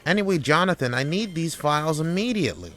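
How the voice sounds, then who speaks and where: A man's voice: on the high side, very animated, quick pace, fairly bright tone, faint music behind, pitched above the performer's own voice. A man voicing a demanding, belittling office boss who talks down to his worker. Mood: impatient. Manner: bossy, belittling, raised voice.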